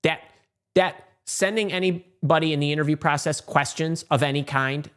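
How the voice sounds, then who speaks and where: A man's voice: on the high side, steady tone, normal speed, fairly bright tone, clear, resonant tone. A career coach, a man, giving emphatic advice and repeating words for stress. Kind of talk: emphatic advice talk to camera.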